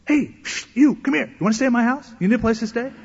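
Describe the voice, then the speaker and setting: A man voicing an eager, friendly young male roommate who coaxes people in with a high, bright invitation. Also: animated, fast talker, breathy edge, exaggerated voice. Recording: echoey hall, dull lo-fi sound.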